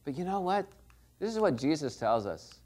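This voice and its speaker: Middle-aged guy preaching, relaxed and conversational, bit of a higher voice. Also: moderate pace. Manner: conversational, asks the congregation "right?" often. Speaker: pastor. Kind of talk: sermon.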